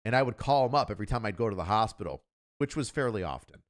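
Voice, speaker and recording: Blunt profane ex-cop host. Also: male voice, lowish voice, lively intonation. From Buffalo, New York area. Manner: profane, blunt, quick with joking asides. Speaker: host, former police officer. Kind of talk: casual storytelling.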